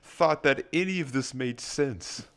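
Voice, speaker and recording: A man on a casual podcast, reacting with loud disbelief and questions. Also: mid-range voice, unhurried. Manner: exclaiming in disbelief. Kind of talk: casual chat.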